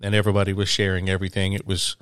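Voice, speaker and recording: A man with a lowish voice tells a long, meandering travel story to his co-host. He trips over words and restarts his sentences often, keeping it casual. The sound is dry and close. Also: completely flat delivery, very fast, a bit bright, clear, resonant tone, no room sound. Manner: rambling, frequent restarts and fillers. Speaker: podcast host, touring musician.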